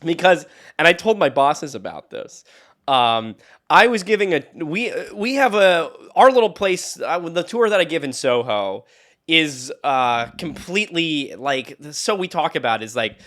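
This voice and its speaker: A young man rambles through a story on a casual podcast, full of restarts and quick laughs. His voice sits a little high and swings widely in pitch as he talks. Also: sing-song, fairly bright tone. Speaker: podcast co-host and tour guide.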